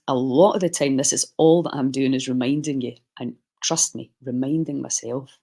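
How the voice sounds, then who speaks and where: A man's voice: a little high, a little mellow, low-quality recording. A man leading a guided breathing session on a live stream, chatty and reassuring as he coaches.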